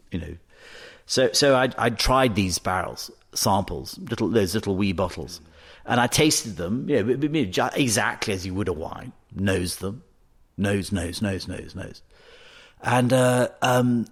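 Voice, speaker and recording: A man in his fifties telling a long story in an interview, hesitant, with frequent fillers and restarts. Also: medium pitch. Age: 50s. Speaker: distillery CEO, podcast guest.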